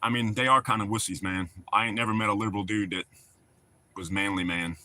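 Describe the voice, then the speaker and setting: A middle-aged man rambles in a folksy way to his livestream chat. His voice is very bright and forward, and the recording is close and dry. He talks in a loose, casual, easygoing manner. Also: on the low side, fairly even intonation, a little fast, no room sound. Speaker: livestream host.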